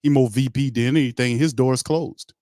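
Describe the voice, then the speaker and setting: A male sports talk host delivering opinionated commentary, blunt and heated, heavy on casual slang. His voice is mid-pitched and recorded dry and close, with no room echo. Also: steady tone, a little fast, mellow.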